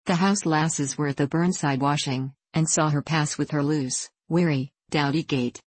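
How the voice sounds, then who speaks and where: Low, husky woman narrating a classic novel. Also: no room sound. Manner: measured, even storytelling. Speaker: audiobook narrator.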